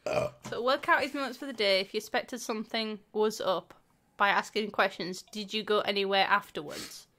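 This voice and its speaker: Woman co-host, bright tone, quick to laugh, dry wit. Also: mid-range voice. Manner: giggly, wry. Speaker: co-host, streamer's wife. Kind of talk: casual chat.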